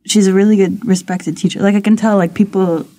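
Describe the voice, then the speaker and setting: A woman's voice: mid-range voice, fairly even intonation, brisk, mellow. A young adult woman from upstate New York telling stories in casual podcast chat, with many fillers and restarts. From Buffalo, New York. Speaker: podcast guest.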